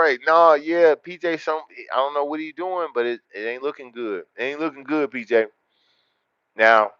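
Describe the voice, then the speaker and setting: A man hosts a livestream, talking to his chat in loud, boastful street slang. His voice sits in a middle register. The sound is dry and a little dull. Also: medium pitch, smooth, dry recording. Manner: loud, boastful street slang, repeats words in rapid runs. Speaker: livestream host. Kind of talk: casual livestream chat, reading the chat.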